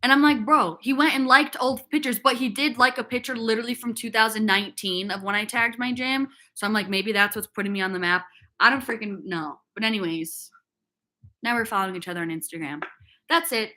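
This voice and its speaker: A young woman from upstate New York chats on a livestream, spilling a long story and looping through "like" after "like" as she goes. Her voice sits on the higher side and rings with a sharp, bright edge. She stops now and then to answer comments from the chat. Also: brisk. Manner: rambling gossipy storytelling, constant "like" fillers. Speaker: fitness livestreamer.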